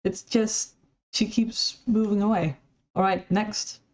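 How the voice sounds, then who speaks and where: A woman's voice: medium pitch, steady tone, slow. A woman commenting critically on recorded clips in a conversational, somewhat hesitant way. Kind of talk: video commentary.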